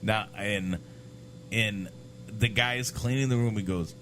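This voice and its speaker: A man's voice: on the low side, measured pace, a bit bright, slight background noise. A man co-hosting a casual podcast, telling rambling road stories full of swearing and fillers. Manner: rambling storyteller, swears a lot. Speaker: podcast co-host. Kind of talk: casual chat.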